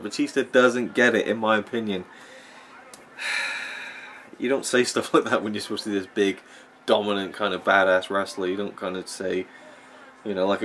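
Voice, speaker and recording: Rambling, opinionated man with a low voice. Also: fairly bright tone, slight background noise. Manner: rambling, opinionated, with frequent fillers. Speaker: wrestling vlogger. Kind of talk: casual commentary while watching a match.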